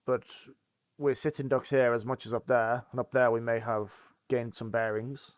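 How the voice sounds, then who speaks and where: A man's voice: medium pitch, flat delivery, no echo. A man cracking jokes as a player in a tabletop game. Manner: joking, quick with quips. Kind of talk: casual game chat. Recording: dry, muffled lo-fi audio.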